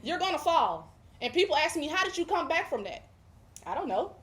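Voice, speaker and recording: A woman with a fairly high voice gives a heartfelt religious testimony as a guest. She speaks emphatically and drives her points home with preacher-like repetition. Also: big pitch swings, brisk, fairly bright tone. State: emotional, near tears at times.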